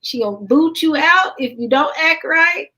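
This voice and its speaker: Southern US woman, stream host, chatty and folksy, slightly high voice. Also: rough recording. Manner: lively, folksy, quick to laugh. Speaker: livestream host. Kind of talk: casual late-night livestream chat.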